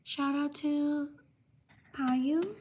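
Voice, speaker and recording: A woman livestreamer gives slow, careful shout-outs to viewers while writing their names by hand, often apologizing for how she pronounces them. Her voice is high, with fairly even intonation.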